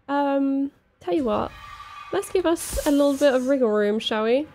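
A woman's voice: high-pitched, animated, normal speed, mellow. A woman playing a horror game while commenting casually, jittery and swearing, repeating herself when scared. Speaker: let's play gamer.

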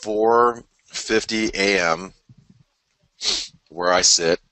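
A man's voice: low-pitched, very slow, bright, forceful tone, dry recording, low-quality recording. A male trading show host talking through market charts in a loose, rambling way with many fillers and restarts, tired and yawning early in the morning. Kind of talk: live market chart analysis.

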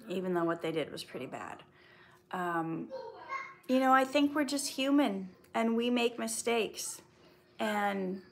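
A woman's voice: mid-range voice, fairly bright tone. A woman actress in a casual livestream Q&A, reading out viewer comments and answering them in a chatty, earnest way. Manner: earnest, faith-based advice mixed with light laughs.

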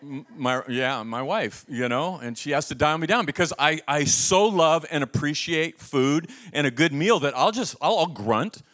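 This middle-aged pastor speaks at a normal speed with few pauses, his voice a little high. His sermon is full of lively storytelling, and he regularly puts questions to the audience.

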